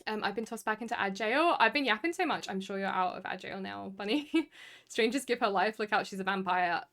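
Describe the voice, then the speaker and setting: A young woman talks easily to her live stream audience. Her speech rambles and loops back on itself, full of "like" and "um" fillers. Her voice sits at a middle pitch. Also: lively intonation, a little fast, a bit bright. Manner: rambling, chatty, heavy use of "like" fillers. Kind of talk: casual chat with stream viewers.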